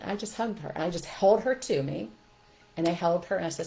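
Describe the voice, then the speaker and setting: Middle-aged woman host, parenting coach, lively delivery, slightly low voice, acts out example phrases. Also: a little fast, vocal fry, slight background noise, rough recording. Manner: animated, acts out scolding and soothing phrases. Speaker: childcare trainer and podcast host. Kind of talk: casual teaching talk to parents.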